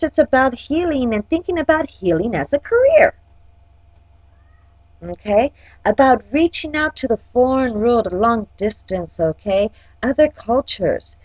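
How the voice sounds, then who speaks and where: This high-pitched, slightly mellow woman is an astrology forecaster and life coach offering a casual horoscope reading. She frequently says "okay?" and speaks to each sign in turn, with no room sound and poor audio quality.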